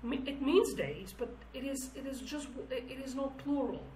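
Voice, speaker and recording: Echoey, high-voiced woman teaching Kurdish. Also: lively intonation, moderate pace, a little mellow, recorded from a distance, a little hiss or hum. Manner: thinks aloud, restarts phrases, searches for English words. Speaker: language teacher. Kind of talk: explaining song lyrics.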